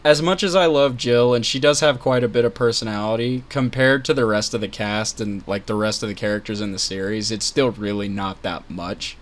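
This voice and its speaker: A man's voice: fairly low pitch, fairly even intonation, brisk, few pauses. A man co-hosting a casual gaming podcast, chatting and laughing, swearing freely and mimicking game characters. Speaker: podcast co-host.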